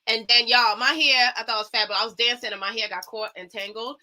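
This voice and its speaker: Bright, uplifting woman dancer. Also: a little high, fast talker. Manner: earnest, uplifting, animated storytelling. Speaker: guest dancer. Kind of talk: casual talk show chat.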